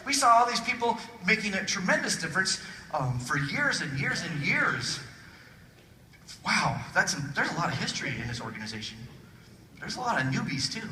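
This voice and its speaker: A man with a high voice, speaking at normal speed, delivers a jokey, animated motivational keynote at a conference, complete with acted-out little voices. The audio is a distant phone recording from the audience in an echoey hall, and laughter and crowd noise come through.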